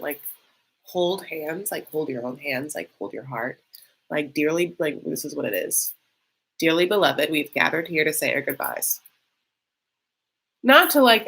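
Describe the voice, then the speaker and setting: A woman with a low, husky, fairly bright voice and some vocal fry hosts a live stream. She reacts to a reality show in a chatty, sarcastic, theatrical way, keeping it a casual live reaction chat.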